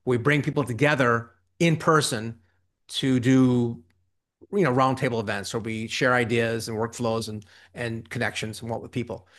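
A man talking as a guest on an interview show, animated and quick, acting out quoted reactions in between. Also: medium pitch. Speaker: interview guest, ghostwriting business owner. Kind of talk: conversational interview.

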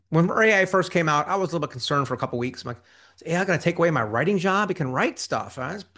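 Guy on an interview, lively and fast, acts out little quotes, mid-pitched voice. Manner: animated, quick bursts, acts out quoted reactions. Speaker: interview guest, ghostwriting business owner. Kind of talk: conversational interview.

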